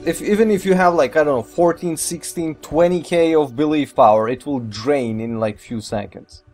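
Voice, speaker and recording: A man doing gameplay commentary, rambling and excitable, with mild swearing and non-native English phrasing. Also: a little high, moderate pace, soft background music. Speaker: let's play gamer.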